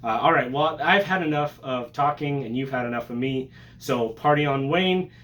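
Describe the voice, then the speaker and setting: A man hosting a casual vlog, excitable and joking, with profanity and sudden loud bursts. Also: mid-range voice, normal speed. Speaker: collector vlogger.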